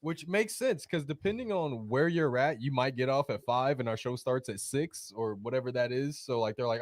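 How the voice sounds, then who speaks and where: A man's voice: mid-range voice, animated, moderate pace, hardly any pauses, no room sound. A man co-hosting a studio show, chatting casually in a playful, teasing way and laughing often. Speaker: co-host. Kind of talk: casual chat.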